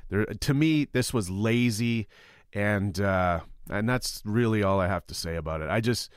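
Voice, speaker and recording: A man holds forth on a podcast panel, heated and emphatic, and he swears freely as he makes his point. His voice sits on the low side. The sound is dry and close, with no room around it. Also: a little slow, smooth, no echo. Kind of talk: heated opinion talk.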